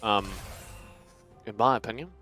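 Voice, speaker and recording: A young man doing live play-by-play commentary on an esports match, upbeat and joking, his voice a little hoarse. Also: on the low side, unhurried, sharp tone, soft background music. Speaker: esports caster.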